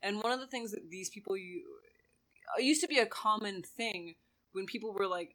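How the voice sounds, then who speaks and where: Bright-voiced speaker in casual talk. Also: medium pitch, normal speed, poor audio. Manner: conversational, hesitant, with fillers. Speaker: podcast co-host. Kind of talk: casual discussion.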